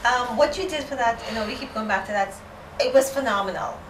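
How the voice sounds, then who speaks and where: A woman's voice: a little high, a little fast. Chatty woman host, distant and roomy. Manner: warmly praising, talkative. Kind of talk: casual chat. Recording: roomy and distant with background noise.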